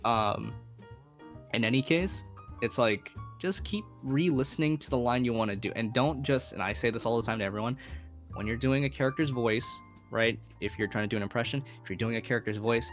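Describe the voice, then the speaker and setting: A man's voice: mid-range voice, fairly quick, faint music behind. A man, a voice actor, chatting casually and rambling with many fillers. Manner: rambling, lots of fillers, laughs often. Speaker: voice actor, podcast co-host. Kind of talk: casual chat.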